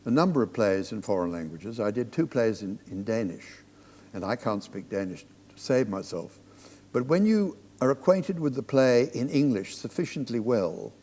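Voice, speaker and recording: Older male director, anecdotal and reflective, mid-pitched voice, long theatre-hall reverb. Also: dark tone. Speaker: stage director, guest. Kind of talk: live on-stage conversation. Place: theatre platform before an audience.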